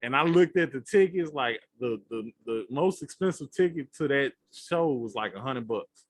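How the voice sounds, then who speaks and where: Animated man telling stories in casual chat. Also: mid-range voice, normal speed, no echo. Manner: animated storytelling, acts out his own reactions. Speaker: podcast co-host.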